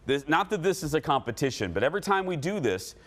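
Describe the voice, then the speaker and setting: A man in his forties hosting a talk show, telling stories with laughter and animated banter. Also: a little high, fast talker.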